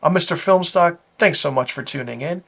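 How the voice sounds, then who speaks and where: A man's voice: on the high side, a little fast, gravelly, fairly bright tone, breathy edge. A man reviewing a TV episode in a casual, rambling recap. He is enthusiastic, uses many fillers, and often says "like". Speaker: TV episode reviewer, channel host.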